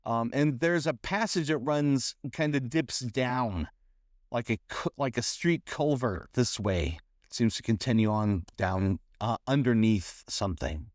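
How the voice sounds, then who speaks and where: A man running a tabletop role-playing game, describing scenes in a halting, searching way. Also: mid-range voice, lively intonation, no echo, studio quality. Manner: halting, many fillers and restarts while describing. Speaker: game master.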